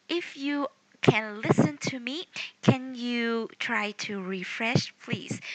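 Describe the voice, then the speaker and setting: Female online English teacher, unhurried, bright tone, dry close sound, patient corrections. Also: a little high, no echo, low-quality recording. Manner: patient, corrects grammar gently. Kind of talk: online class moderation. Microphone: video call.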